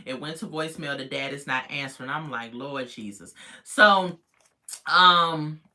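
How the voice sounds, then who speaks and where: Reviewer, casual recap, bright forceful voice, opinionated and animated with viewers. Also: normal speed. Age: adult parent. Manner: chatty, opinionated, talks straight to viewers; animated, jumps in pitch when reacting. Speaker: reality TV reviewer.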